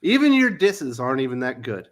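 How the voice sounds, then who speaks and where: A man's voice: medium pitch, sing-song, fairly quick. A man hosting a casual comics panel chat, blunt and swearing freely as he reads out comments. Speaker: podcast host.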